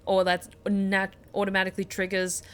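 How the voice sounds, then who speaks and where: A woman's voice: medium pitch, monotone, moderate pace, smooth. A woman streaming a video game, chatting casually with her viewers. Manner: chatty, thanks chat, self-reassuring. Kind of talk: casual let's-play chat.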